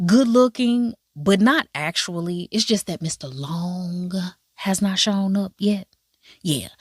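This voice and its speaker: Woman ranting about a drama, casual and cussing, pops way up high for jokes, dry sound. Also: no room sound. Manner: chatty, profane and animated, jumping to a high voice for asides. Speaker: drama reviewer.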